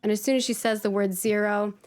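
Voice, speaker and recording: A woman's voice: medium pitch, steady tone, quick pace, darkish tone. A woman running a tabletop game as game master, describing the scene in a rambling, cheerful way full of ums and likes.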